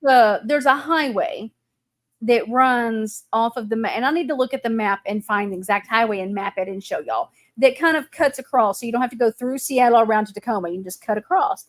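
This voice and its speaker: A woman's voice: a little high, a little fast. A woman host, telling stories in a casual chat. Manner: animated storytelling.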